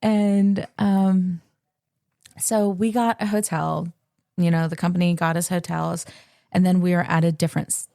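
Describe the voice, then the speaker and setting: A young woman co-hosting a casual chat, telling a lively, self-deprecating story and acting out her own lines. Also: fairly low pitch, normal speed, creaky, no room sound, clean studio sound. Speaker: podcast co-host.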